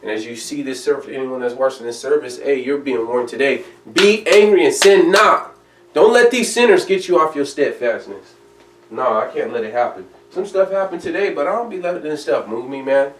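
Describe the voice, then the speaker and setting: A man's voice: medium pitch, animated, a little fast, a little hiss or hum. A man preaching a sermon in an emphatic, conversational way, reading scripture aloud. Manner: emphatic, conversational preaching, reads King James verses aloud. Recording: echoey room from a distance.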